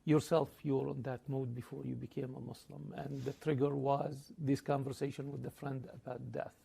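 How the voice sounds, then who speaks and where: A man interviewing a guest, asking measured, deliberate questions and giving short replies of approval. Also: mid-range voice, level tone, gravelly, mellow, breathy edge.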